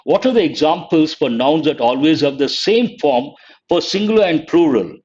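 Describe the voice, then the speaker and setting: A man's voice: a little high, expressive, normal speed, a little mellow, highs cut off. A man, teaching an exam-prep lecture online, quizzing students and spelling words letter by letter. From India. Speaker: English teacher.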